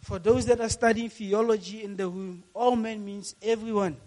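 A man preaching a sermon to a congregation as a youth pastor, telling the story in a lively way and repeating key phrases for emphasis. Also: high-pitched, moderate pace.

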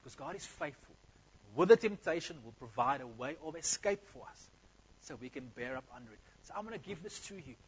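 A man's voice: fairly high pitch, animated, brisk, slightly rough, muffled recording. A man preaching a sermon, talking to the congregation directly with energy and in a conversational way.

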